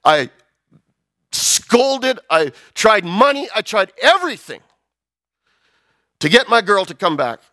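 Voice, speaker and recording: Brief: worn-out pastor, halting and desperate, played by a preacher. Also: male voice, high-pitched, very animated, bright, forceful tone, exaggerated voice. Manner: halting, emotional, repeated phrases. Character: weary middle-aged male pastor, desperate.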